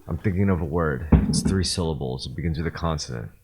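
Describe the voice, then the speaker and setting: Deep-voiced man in playful podcast banter. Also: quick pace, noisy background. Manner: playful, teasing, laughs often and drags out words. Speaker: podcast co-host.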